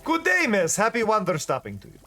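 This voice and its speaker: A person voicing a formal, overly polite shopkeeper with a fake accent, reading game dialogue aloud. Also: male voice, high-pitched, huge pitch swings, a little fast, sharp tone, soft background music, voice pushed up, heavily acted.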